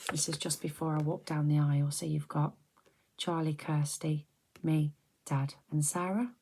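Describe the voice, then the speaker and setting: Woman, soft-spoken asmr chat, very low voice, faint clicking noise behind. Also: fairly even intonation, normal speed. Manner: soft-spoken, chatty, drifting into whispers. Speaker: ASMR creator.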